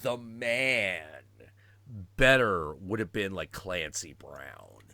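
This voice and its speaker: Animated, profane man hosting a stream. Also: sits low, slow, dry recording. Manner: animated, profane, acts out quotes. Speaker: stream host. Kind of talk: casual chat.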